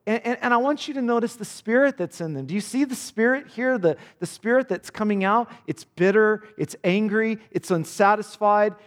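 A man's voice: high-pitched, normal speed, hardly any pauses. A man preaching a sermon, earnest and intense, repeating words as he builds each point. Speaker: pastor. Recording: long hall reverb.

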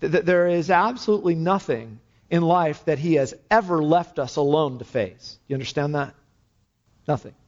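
A man preaches with earnest conviction, building into fervent exhortation. His voice sits on the high side for a man. The recording is dull and lo-fi. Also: moderate pace, a little mellow. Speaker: pastor. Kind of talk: sermon. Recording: dull lo-fi sound.

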